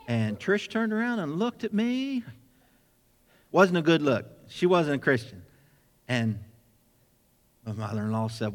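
A man preaching a sermon, telling a personal story with lively acted-out dialogue. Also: on the high side, normal speed, big-room sound. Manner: animated storyteller acting out dialogue. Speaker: pastor.

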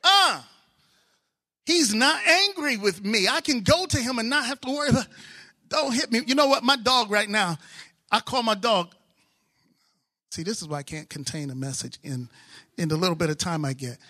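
A married man preaching a sermon, excitable, swinging from soft asides to loud exclamations. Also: high voice, a little fast. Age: adult, married with children.

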